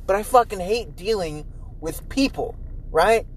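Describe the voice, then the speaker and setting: A young man hosting a casual solo podcast from inside his car, rambling and swearing with animated, profane energy. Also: measured pace, low-quality recording. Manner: animated, profane, jumps into loud high mimicry. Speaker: podcast host.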